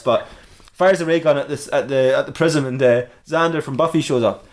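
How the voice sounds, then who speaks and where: A man's voice: medium pitch, fairly quick. A man telling an improvised comic story, voicing every character himself and laughing at his own jokes. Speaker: comedy podcast storyteller.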